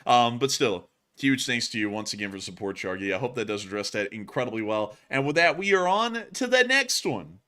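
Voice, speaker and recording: Lively, bright-voiced man. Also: mid-range voice, brisk, hardly any pauses. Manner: animated, chuckling, rambling with fillers. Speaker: host of war news stream. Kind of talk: casual live-stream chat.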